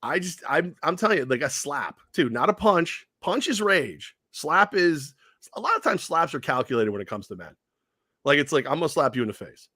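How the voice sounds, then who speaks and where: Animated man on sports radio. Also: on the high side, moderate pace, husky, no echo, clean studio sound. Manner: animated, laughing, repeats himself. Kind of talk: casual sports talk.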